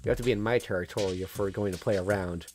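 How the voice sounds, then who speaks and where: A man's voice: lowish voice, very fast, a little mellow, slight background noise, natural voice. A man voicing a cruel teenage boy who bullies and threatens, reading a visual novel aloud. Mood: gloating. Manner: taunting, threatening.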